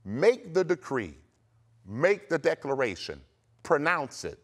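A man's voice: on the high side, sing-song, slow. A man from the United States preaching a televised sermon, emphatic and rhythmic, with lots of repetition. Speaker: pastor.

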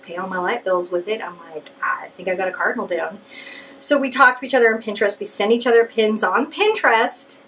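A woman teaching a paint-along painting lesson, chatting and telling lively stories with playful asides as she works. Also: a little high, distant mic. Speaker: painting instructor. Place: home art studio.

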